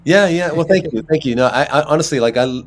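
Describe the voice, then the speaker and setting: A man, an actor, chatting as an interview guest and telling lively stories with frequent laughs. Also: fairly high pitch, quick pace, faint music behind. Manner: animated storyteller, laughs often. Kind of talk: casual interview chat.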